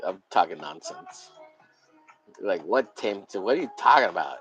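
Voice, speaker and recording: A man's voice: deep voice, lively intonation, measured pace, fairly bright tone, soft background music, rough recording. Profane rambling male streamer. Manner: profane, rambling, laughs at his own jokes. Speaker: streamer hosting a drawing stream. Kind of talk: casual live-stream rambling.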